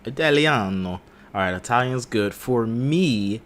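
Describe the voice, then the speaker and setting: A man's voice: on the low side, expressive, normal speed, fairly bright tone. An American man co-hosting a casual live stream, playful and teasing, breaking into goofy voices. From United States. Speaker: podcast co-host.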